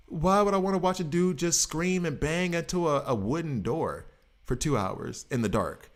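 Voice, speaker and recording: A man streaming a game, chatting casually in a rambling, jokey way. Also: a little high. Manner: animated, rambling, jokey, breaks into quick voices. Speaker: gaming streamer. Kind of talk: casual chat while gaming.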